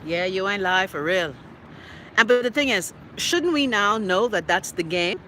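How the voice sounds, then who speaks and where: A woman's voice: mid-range voice, expressive, normal speed, bright, forceful tone, a little hiss or hum. A middle-aged woman with a Bahamian accent hosting a live talk show. She rants in a brash, profane way and teases her viewers by name. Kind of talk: casual live-stream rant.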